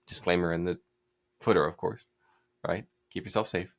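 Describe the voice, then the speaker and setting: A low, gravelly male voice, delivering a commanding solo commentary. He talks bluntly and directively. His fry-laden tone gives his orders a rough edge. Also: steady tone, normal speed. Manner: blunt, commanding, mocks hesitant speech with put-on hedging. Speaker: host.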